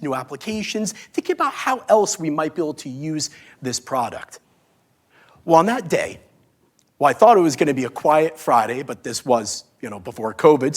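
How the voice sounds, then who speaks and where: A man in his forties giving a talk on stage, telling a story in a playful, animated way with self-mocking humor. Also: fairly high pitch. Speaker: speaker at a live talk event. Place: stage before a live audience.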